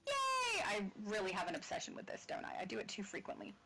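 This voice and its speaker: A woman's voice: mid-range voice, steady tone, fast talker, vocal fry, fairly bright tone, slight background noise, low-quality recording. A woman from Australia hosting a livestream, chatting casually, reading out comments and laughing often. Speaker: livestream host.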